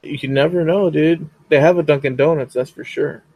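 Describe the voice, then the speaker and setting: A man's voice: a little high, steady tone, moderate pace, a little mellow, breathy edge, dry recording. A man hosting a podcast in casual chat, rambling and often saying frickin'. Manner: rambling, says frickin' a lot. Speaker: podcast host.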